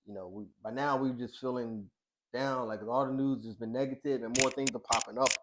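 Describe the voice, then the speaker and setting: A middle-aged man speaking at an ordinary, mid-range pitch as he tells a heavy personal story to a podcast host. His speech is colloquial and earnest, full of restarts and acted-out quoted dialogue. At times his voice sinks to a hush. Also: fairly even intonation. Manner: halting with restarts, softening to a hushed voice. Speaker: boxing coach and social worker, podcast guest.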